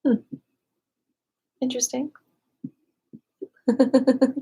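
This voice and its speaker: On a live stream, a woman with a mid-range voice reads from a dictionary, breaking off for playful, reflective comments to viewers and the odd soft whisper. Her pace is a little slow, with many pauses.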